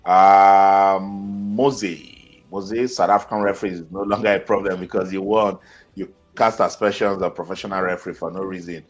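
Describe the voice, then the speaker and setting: A man's voice: deep voice, little pitch movement, moderate pace, faint music behind. A man with a Nigerian accent hosting a football channel, reading viewers' comments aloud and reacting in a chatty way. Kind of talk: live-stream commentary.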